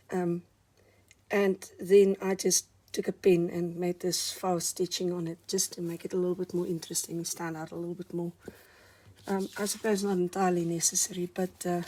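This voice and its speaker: Soft-spoken, husky woman crafting. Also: on the low side. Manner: soft-spoken, murmuring while working, frequent near-whispers. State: hoarse, recovering voice. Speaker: craft vlogger. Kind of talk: casual crafting commentary.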